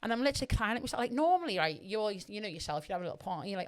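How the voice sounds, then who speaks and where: Fast-talking sweary woman. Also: fairly low pitch, smooth. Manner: blunt, sweary, emphatic. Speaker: podcast guest. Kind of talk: candid conversational storytelling.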